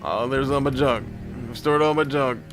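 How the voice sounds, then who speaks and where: A gameplay streamer with a medium-pitched voice talks at a normal speed over game music. In casual let's-play commentary, he rambles, swears a lot, and makes joking asides to himself.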